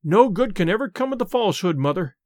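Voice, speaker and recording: Calm, firm young daughter, read by a man; high, dry audiobook voice. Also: fast, dry recording. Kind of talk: audiobook reading.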